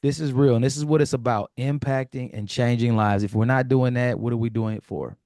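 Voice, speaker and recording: A man's voice: mid-range voice, steady tone, mellow, no room sound, clean studio sound. Earnest man giving heartfelt thanks. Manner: earnest, heartfelt, with halting restarts. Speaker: community member sharing a testimonial. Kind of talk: casual call testimony.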